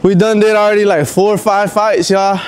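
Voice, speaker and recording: A man's voice: high voice, flat delivery, fairly quick, a little hiss or hum. A young man vlogging pillow fight pranks with strangers in a mall, bantering playfully and out of breath. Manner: hyped, playful street banter. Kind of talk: public prank vlog. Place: shopping mall, indoors. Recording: music playing over the voice. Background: loud background music.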